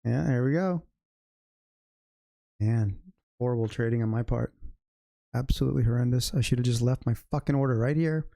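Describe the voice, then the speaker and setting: A man's voice: mid-range voice, normal speed, vocal fry, long pauses, dark tone, no echo, clean studio sound. Frustrated, swearing male day trader. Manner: frustrated, swearing, self-critical muttering. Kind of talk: casual live commentary while trading.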